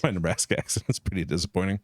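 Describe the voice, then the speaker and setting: A man's voice: deep voice, rapid-fire, no room sound. A man co-hosting a live stream, chatting in a rambling, playful way. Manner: rambling, playful, musing aloud. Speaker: stream co-host. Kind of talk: casual chat.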